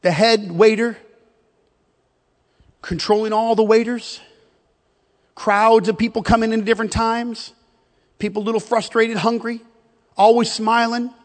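A man preaching a sermon, emphatic and storytelling, often repeating words as he builds a point. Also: high voice. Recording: reverberant hall.

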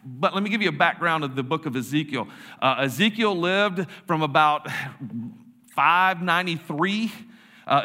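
A man preaches to young people, rambling and restarting as he jokes about himself. His voice is bright and a little high. The sound rings with the long reverb of a church hall. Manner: joking, self-deprecating, rambling with restarts. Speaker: youth pastor. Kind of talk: casual sermon with storytelling.

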